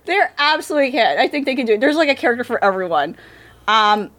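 A woman's voice: on the high side, sing-song, fast talker, heavy background noise. Rambling woman in casual podcast chat. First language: English. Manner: rambling, many fillers and restarts. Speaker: podcast co-host. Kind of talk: casual chat about anime dubs.

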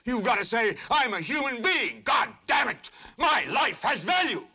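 An actor playing a furious middle-aged TV news anchor, preaching on air and building to shouts. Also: male voice, extremely high pitch, sing-song, normal speed, slightly rough, exaggerated voice. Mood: enraged. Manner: impassioned, preaching, rising to shouts. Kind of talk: film acting.

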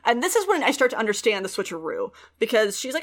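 A woman's voice: a little high, fast talker. Casual, swearing woman podcast host. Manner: animated, swears freely, acts out quotes. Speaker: podcast host recapping a TV show. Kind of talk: casual chat.

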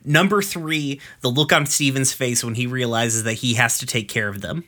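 A man in his thirties talks loosely through an episode recap, and his voice has a bright, forceful edge. He rambles and swears freely, with plenty of fillers and restarts. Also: medium pitch, normal speed. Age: 30s. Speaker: podcast host recapping episodes. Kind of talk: casual chat.

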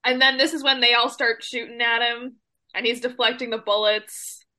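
A woman's voice: fairly high pitch, fairly even intonation, normal speed, sharp tone. A woman co-hosting a casual fan podcast, playfully recapping scenes. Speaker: podcast co-host.

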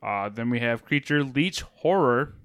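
A man co-hosting a casual gaming podcast, reading card previews with dry, deadpan teasing. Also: medium pitch, measured pace, slight background noise. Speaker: podcast co-host.

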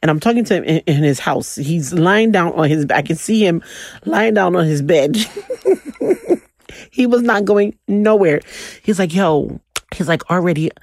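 A young woman, telling a profane, animated story in a casual monologue. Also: on the low side, normal speed, no echo, clean studio sound. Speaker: commentator.

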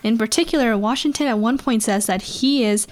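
Higher-voiced woman reading a podcast list. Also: brisk. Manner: reads list entries aloud, laughs often. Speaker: podcast co-host. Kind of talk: casual podcast discussion.

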